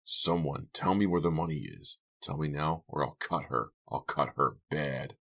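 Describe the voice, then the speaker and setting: A man voicing a menacing adult male villain who threatens with a chainsaw and talks in a low, sarcastic growl. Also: a little slow, creaky, fairly bright tone, heavily acted.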